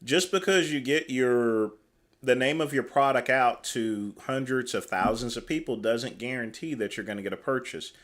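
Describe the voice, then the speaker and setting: A man's voice: medium pitch, moderate pace, a bit bright. A man hosting a livestream, giving casual commentary with dry, mocking asides. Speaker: livestream host.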